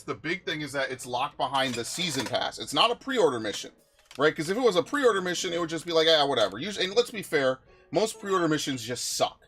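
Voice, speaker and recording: A man's voice: medium pitch, a bit bright. A man streaming a game, ranting with exasperation and lots of swearing. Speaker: gaming streamer.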